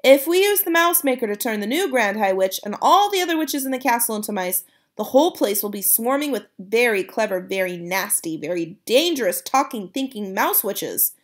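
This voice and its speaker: A woman's voice: on the high side, lively intonation, fairly quick. A woman voicing an eager boy-mouse. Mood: earnest. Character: excited young boy turned into a talking mouse.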